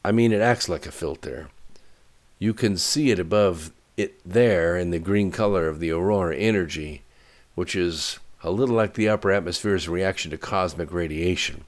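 A man voicing a tense military technician who reports in a quick, clipped way. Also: sits low, lightly acted. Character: tense male military technician at his screen.

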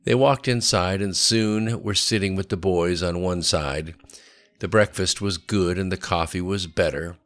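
A man narrating a story in a steady, matter-of-fact reading voice. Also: deep voice, a little slow.

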